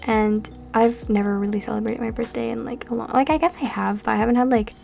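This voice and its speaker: A tired nineteen-year-old woman from Canada rambles through a casual chat over a game build. Her voice sits a little high with a gravelly fry. Soft music plays underneath. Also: fairly even intonation, fast talker. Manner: rambling and chatty, with frequent fillers. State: tired and a bit out of breath. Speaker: Sims builder and YouTuber. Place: home room during a storm. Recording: background music.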